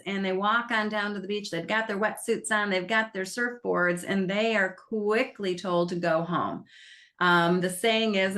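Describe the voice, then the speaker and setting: A woman film critic, chatting casually and retelling a movie plot in an animated way. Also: mid-range voice. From United States. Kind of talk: casual film review chat.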